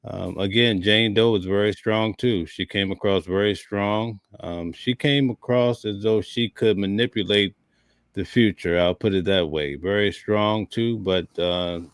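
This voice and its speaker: A man on a livestream panel giving measured impressions in short, listed phrases. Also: fairly low pitch, clean tone, dry recording, clean studio sound. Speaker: panelist, courtroom observer. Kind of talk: casual panel discussion.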